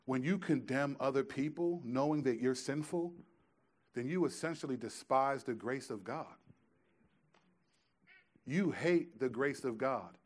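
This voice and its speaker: A man preaching a sermon as pastor, emphatic, shifting from hushed lines to loud ones, with casual conversational asides. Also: medium pitch, measured pace, pauses often. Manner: emphatic, swings between quiet and loud.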